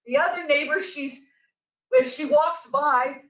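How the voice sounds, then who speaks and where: In a district office meeting room, an older local woman tells her story during a board meeting's public comment, agitated and emphatic, her voice rising by the end. She has a high, fairly bright voice and speaks in an unhurried way. The audio is distant, echoey and dull.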